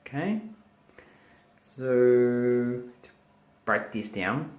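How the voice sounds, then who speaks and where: A man with an Australian accent, giving a casual, jokey video lesson on how Australians say words, spelling sounds out slowly. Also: medium pitch, echoey room. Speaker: language teacher.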